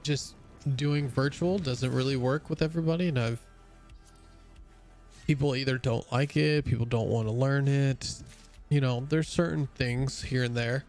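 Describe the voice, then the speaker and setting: A man's voice: medium pitch, fairly even intonation, moderate pace, darkish tone, faint music behind. A young man streaming a game, chatting casually and rambling with lots of fillers and restarts, sounding a bit tired. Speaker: gaming streamer. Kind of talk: casual chat while playing a game.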